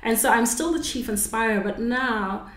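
A woman's voice: a little high, normal speed. A woman hosting her own unscripted podcast, talking reflectively in a rambling way and correcting herself as she goes. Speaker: podcast host. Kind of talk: unscripted solo podcast talk. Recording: roomy echo.

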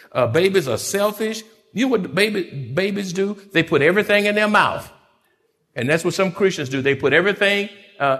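Lively high-voiced male preacher. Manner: animated preaching with repetitions and acted-out voices. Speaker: pastor. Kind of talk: sermon.

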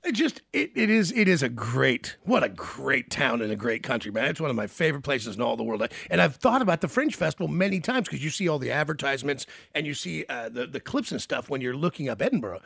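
A man's voice: medium pitch, very animated, fast talker, vocal fry, few pauses, a bit bright, dry recording, clean studio sound. A man hosting a radio show, chatty and enthusiastic, laughing often with his guest. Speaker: radio host. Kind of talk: casual radio interview.

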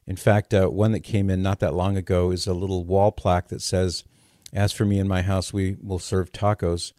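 Low-voiced radio host, dry close sound. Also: male voice, flat delivery, dark tone, dry recording. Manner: thoughtful, measured, good-humored. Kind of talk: call-in radio talk.

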